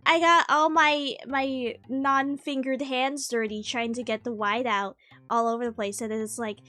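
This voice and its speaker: A woman vtuber chatting casually on stream, rambling and self-interrupting in an animated way. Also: on the high side, a little slow, no echo.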